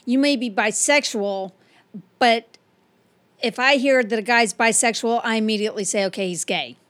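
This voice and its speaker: A woman's voice: fairly high pitch, normal speed, fairly bright tone. A woman co-hosting a podcast in casual chat, blunt and outspoken with her opinions. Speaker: podcast co-host.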